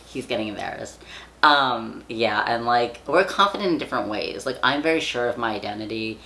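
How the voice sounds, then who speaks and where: A man's voice: medium pitch, expressive, moderate pace, bright, forceful tone. A young man vlogging in casual chat, rambling with lots of fillers and casual swearing. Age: young adult.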